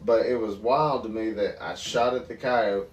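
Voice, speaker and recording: A man co-hosting a podcast, telling hunting stories in a lively, animated way with bursts of laughter. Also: fairly low pitch, normal speed, dull audio. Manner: animated storyteller, laughs and yells mid-story. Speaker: podcast co-host. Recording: roomy, distant mic, faint background noise.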